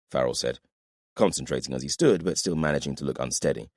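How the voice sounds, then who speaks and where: Deep-voiced male audiobook narrator. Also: fast talker, no echo, studio quality. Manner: expressive storytelling. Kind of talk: scripted narration.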